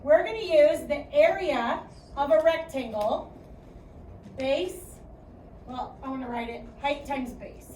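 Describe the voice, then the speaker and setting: A high-voiced woman with a Chicago accent teaches math in a classroom lecture, pitching her voice to carry and checking in frequently with "okay?". Her pace is slow, she pauses often, and her tone is a little mellow. The distant mic captures an echoey room with a little hiss or hum.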